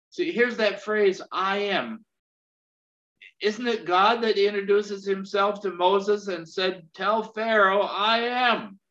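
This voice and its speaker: A man preaching in a high voice, his delivery slow and halting, full of restarts and amens. The recording sounds dull and lo-fi. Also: a bit bright. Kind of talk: sermon.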